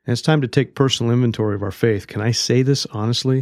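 A man's voice: medium pitch, fairly even intonation, fast, few pauses, no room sound, studio quality. A man teaching through a Bible book verse by verse, reading scripture aloud and explaining it in a blunt, conversational way.

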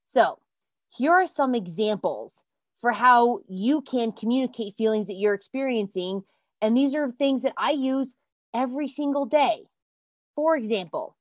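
Woman, podcast host, motivational talk, slightly high voice, earnest and emphatic, dry close sound. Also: a little slow, dry recording. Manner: earnest, emphatic, addresses listeners as "you guys"; bursts into excited exclamations. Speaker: self-help podcast host.

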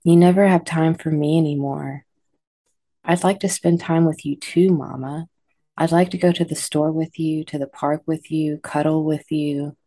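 A pleading, whiny little girl, put on by a woman reading a bedtime story. The voice is pitched up a little from a low, mellow base, close and dry. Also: steady tone, normal speed, dry recording. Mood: resentful. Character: young girl, guilty and resentful.

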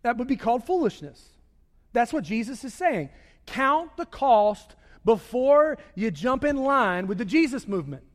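A man preaching a sermon, swinging between loud raised delivery and hushed low passages. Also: very animated, unhurried. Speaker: pastor. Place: church sanctuary. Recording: long reverb of a large hall.

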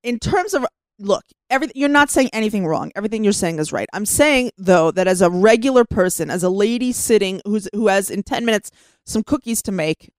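Brief: middle-aged woman, radio co-host, affirming and steady, smooth clear voice, dry sound. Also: medium pitch, no room sound. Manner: agreeable, affirming, measured. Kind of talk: radio discussion.

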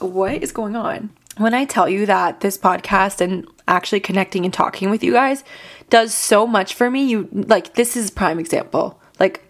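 A young woman hosting a podcast, talking earnestly and emotionally with a voice cracking from crying, full of "like" and "you know". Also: mid-range voice. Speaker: podcast host. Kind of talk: casual solo podcast talk.

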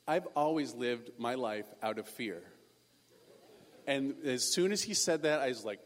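A pastor telling a personal story in a sermon, animated and self-deprecating. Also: male voice, mid-range voice, measured pace, long reverb tail.

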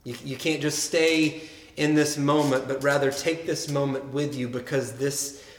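A man voicing a calm male teacher within a sermon, speaking softly and earnestly. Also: medium pitch, unhurried, natural voice. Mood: gentle. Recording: roomy echo.

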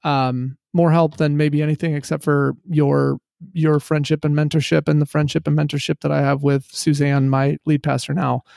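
A man's voice: on the high side, level tone, normal speed, gravelly, a little mellow, no room sound, studio quality. A man who is a pastor, talking earnestly and reflectively on a podcast. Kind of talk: podcast conversation.

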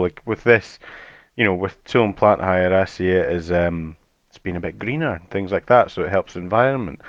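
A man's voice: on the low side, no echo, lo-fi sound. A young man with an Edinburgh Scottish accent, chatting modestly as a podcast guest and laughing often. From Scotland. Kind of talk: casual interview chat.

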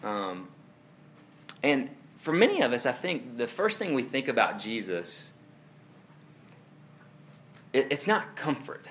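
A man's voice: mid-range voice, measured pace, long pauses, slight background noise. A young man preaching a casual, conversational sermon, telling stories with chuckling asides. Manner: animated, chuckling, storytelling asides. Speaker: pastor.

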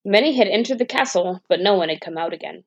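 A woman reading a fairy tale aloud as a bedtime storyteller, in a steady, gentle way. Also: mid-range voice, quick pace, no room sound. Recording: dull dry lo-fi recording.

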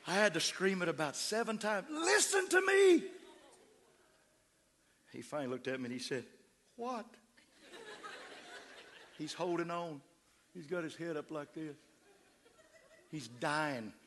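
A man, a pastor, telling a story in a sermon with an animated, humorous delivery. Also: a little high, moderate pace.

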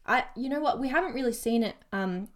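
A woman's voice: on the high side, animated, quick pace. Chatty woman podcast co-host. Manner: laughs easily, chatty and upbeat. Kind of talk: casual chat.

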